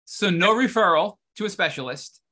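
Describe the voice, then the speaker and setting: Podcast host guy, bright tone, slightly high voice, recaps and asks stuff. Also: animated, moderate pace. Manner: engaged, recaps and asks questions. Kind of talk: interview.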